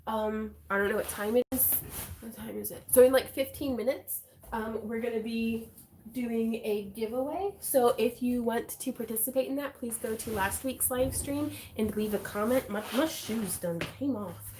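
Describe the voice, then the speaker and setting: A woman hosting a craft livestream, chatting casually in a bubbly, excitable way with frequent giggles. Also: fairly high pitch, normal speed, a little hiss or hum.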